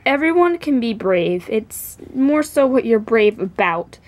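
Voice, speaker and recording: A woman's voice: on the high side, very animated, measured pace, a little mellow. A woman voicing a male cat with a casual, dryly teasing manner. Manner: casual, teasing, rambling in spurts.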